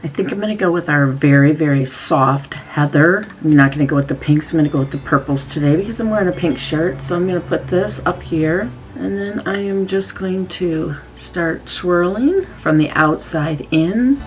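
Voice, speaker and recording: A woman's voice: sits low, normal speed, few pauses, poor audio. A woman casually talking through her makeup routine step by step, chatty and easygoing as she demonstrates. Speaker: beauty vlogger.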